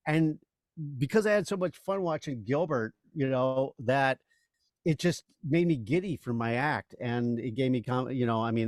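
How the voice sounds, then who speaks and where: A man's voice: mid-range voice, no room sound, studio quality. A man in his sixties, a voice actor and comedian, telling stories as a guest in a casual interview, rambling with many "you know"s and restarts.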